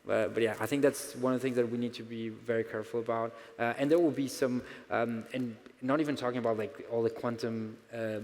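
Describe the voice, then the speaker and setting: A man's voice: medium pitch, fairly even intonation, a little fast, few pauses, a little mellow. Man, conference panelist, hesitant, lots of fillers, echoey big hall. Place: conference stage in a large hall. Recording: reverberant hall.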